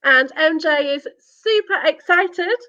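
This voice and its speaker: A woman hosting a live chat stream, upbeat and quick to laugh. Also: sits high, sharp tone, muffled recording. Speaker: host.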